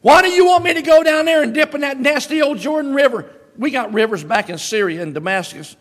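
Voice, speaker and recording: A man voicing a proud, indignant foreign army commander in a loud, high, ranting voice during a sermon. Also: big pitch swings, moderate pace, vocal fry, in a large hall, exaggerated voice.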